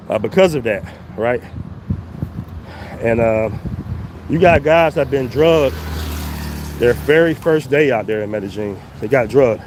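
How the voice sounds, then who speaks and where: A man live-streaming a casual vlog while walking uphill outdoors, out of breath and huffing as he talks. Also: mid-range voice. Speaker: travel vlogger. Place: outdoors on city streets. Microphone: phone mic, no headphones. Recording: wind and street noise. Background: traffic and street ambience.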